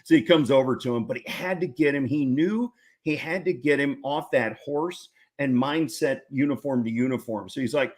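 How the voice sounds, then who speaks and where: A man's voice: medium pitch, moderate pace, few pauses. A man, a ranch founder telling a story as an interview guest in a folksy, jokey way. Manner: folksy, jokey, laughs often.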